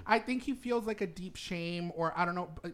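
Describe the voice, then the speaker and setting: A man's voice: high voice, a little fast, crowd noise. Campy man telling a laughing story. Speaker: podcast host. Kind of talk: casual storytelling chat.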